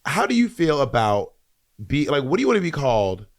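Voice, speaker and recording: A man's voice: mid-range voice, sing-song. Rambling man chatting on a podcast. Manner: rambling, halting, many fillers. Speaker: podcast co-host. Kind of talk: casual chat.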